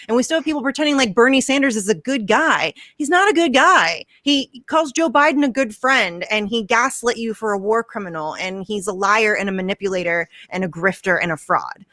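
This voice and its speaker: A woman in a casual chat who talks bluntly and angrily and swears freely. Her voice sits fairly high. The sound is dry and close. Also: fairly bright tone, no room sound. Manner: angry, blunt, swears a lot. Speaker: vigil host.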